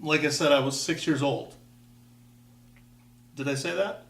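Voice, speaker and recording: On the high side with a steady, fairly bright tone and a measured pace, a Wisconsin vlogger in his fifties speaks far from the mic in an echoey room. His casual monologue rambles through a personal story, with dry asides and constant self-interruption.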